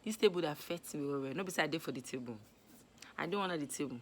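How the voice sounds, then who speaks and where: A young woman with a Nigerian accent giving animated, scolding advice in a casual vlog. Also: low voice, rapid-fire, a little hiss or hum. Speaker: vlogger. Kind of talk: casual Pidgin advice monologue.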